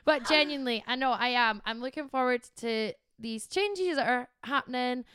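A young woman co-hosting a podcast, talking in a high, smooth, clear voice. She chats and giggles freely and drops the odd swear word, and the sound is close and dry. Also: moderate pace, pushed and bright, dry recording. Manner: giggly, chatty, swears casually. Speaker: podcast co-host. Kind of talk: casual chat.

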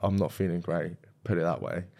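Low-voiced man telling stories. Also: fairly quick, creaky, a little mellow. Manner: chatty storyteller recounting anecdotes. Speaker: podcast co-host. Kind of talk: casual chat.

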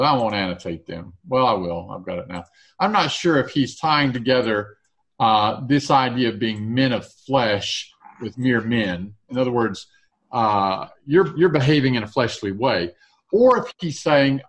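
A man's voice: medium pitch, animated, a little slow, fairly bright tone. A man leading a casual Bible study discussion, reading verses aloud and thinking through their meaning.

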